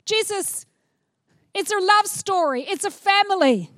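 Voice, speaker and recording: A middle-aged woman preaching a sermon, animated and playful, acting out little scenes as she goes. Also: very high-pitched, measured pace, no room sound, clean studio sound.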